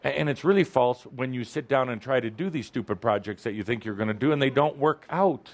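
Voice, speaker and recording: A man giving a spiritual talk to a live audience, teasing and emphatic, jumping between loud high bursts and low asides. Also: brisk. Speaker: spiritual teacher addressing an audience.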